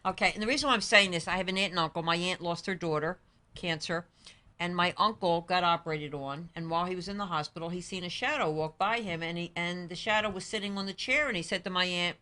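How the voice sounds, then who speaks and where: A woman's voice: lowish voice, fast talker, pushed and bright. A woman hosting a talk show, asking earnest questions and telling family stories in casual chat. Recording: 2012 public-access talk show studio.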